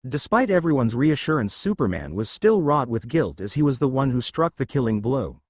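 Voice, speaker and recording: Lively male storyteller, dry sound. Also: mid-range voice, normal speed, no room sound. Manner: dramatic storytelling. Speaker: narrator. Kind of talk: fan-fiction story narration. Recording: dry close recording.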